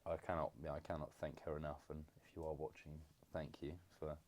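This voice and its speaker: A young man from England in a casual podcast chat with his father, halting and full of fillers. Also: extremely low pitch, level tone. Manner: hesitant, many fillers and restarts, warm teasing. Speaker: podcast co-host, son. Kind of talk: casual conversation.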